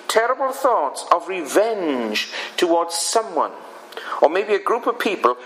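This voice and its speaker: Slow, deliberate male preacher. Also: a little high, fairly bright tone, poor audio. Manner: slow, deliberate delivery with emphatic pauses. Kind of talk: sermon.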